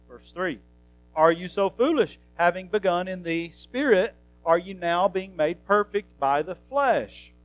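A man's voice: high-pitched, expressive, unhurried, soft background music, rough recording. A man preaching an earnest, conversational sermon, teaching from the Bible and building to emphatic questions.

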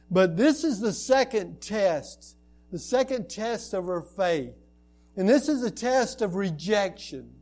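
Guy preaching a sermon, kinda high voice, slow and earnest, gets loud on the repeats. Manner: earnest preaching with rising emphatic repetitions. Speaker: pastor.

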